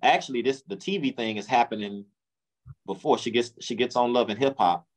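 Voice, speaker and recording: A middle-aged man, an interview guest, telling his story casually in slangy speech, acting out quotes with sudden jumps in pitch. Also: a little fast. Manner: loose, slangy, lots of restarts.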